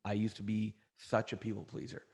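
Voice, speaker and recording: A middle-aged man from Canada, a trainer telling energetic motivational stories as an interview guest, often restarting phrases. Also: fairly low pitch, brisk, slightly rough. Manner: energetic, anecdotal, frequent restarts. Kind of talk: motivational storytelling.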